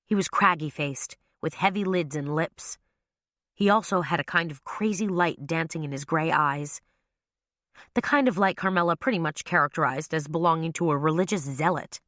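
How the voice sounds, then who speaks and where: A woman narrating an audiobook with lively storytelling. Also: low-pitched, moderate pace, no room sound, clean studio sound. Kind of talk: scripted narration.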